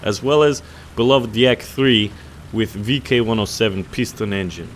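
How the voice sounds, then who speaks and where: A man putting on a deliberately bad Russian accent to read out a promotional offer as a grand male announcer. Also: lowish voice, slight background noise, close to an everyday voice. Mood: mock-grand. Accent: put-on Russian. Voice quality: hammy, deliberately bad accent with added throat rasp. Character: mock-Russian male announcer hyping a sale.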